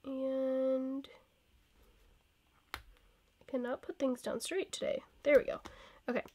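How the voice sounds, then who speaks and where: Young woman vlogger, fairly high voice, sick with a cold, rambling and laughing casually. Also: flat delivery, takes it slowly, a little mellow. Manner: chatty and rambling, laughs often. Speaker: planner vlogger. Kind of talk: casual plan-with-me chat.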